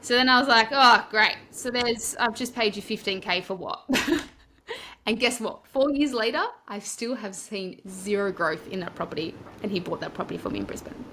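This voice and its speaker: A young Australian woman talking as a podcast guest, telling her story in a chatty, rambling way with lively asides. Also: mid-range voice, normal speed, a little hiss or hum. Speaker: property coach, podcast guest. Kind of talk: casual storytelling interview.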